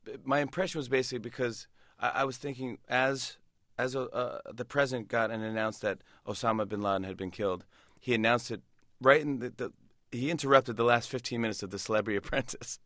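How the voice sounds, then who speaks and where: Animated male comedian guest, mid-pitched, dry close sound. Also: no room sound. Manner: animated, many restarts, quick laughs. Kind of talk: casual interview storytelling.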